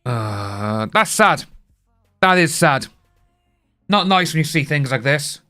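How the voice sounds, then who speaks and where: A man's voice: on the high side, very animated, slow pace, bright, forceful tone, faint music behind. A young British man chatting casually on a live stream, rambling and greeting viewers by name. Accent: British English. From United Kingdom.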